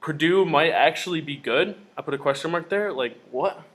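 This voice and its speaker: A young man co-hosting a casual college football podcast, talking in an excitable way. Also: a little high, moderate pace. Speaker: podcast co-host. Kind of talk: casual sports chat.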